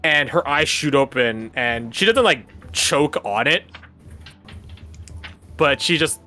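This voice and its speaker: A man's voice: on the high side, animated, slow, sharp tone, faint music behind. A man narrating as game master of a tabletop game in a casual, laughing manner and swearing freely.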